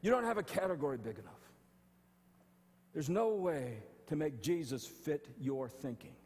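A male pastor preaching an animated sermon, often restarting phrases. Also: fairly high pitch, normal speed, in a large hall. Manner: animated, stumbling restarts, acting out quotes. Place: church sanctuary.

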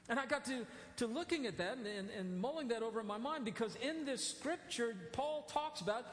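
A man's voice: extremely high pitch, sing-song, a little fast, few pauses, fairly bright tone, slight background noise. A male pastor giving a sermon in a church, talking in a conversational way with many fillers and self-corrections. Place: church sanctuary. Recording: echoey church hall.

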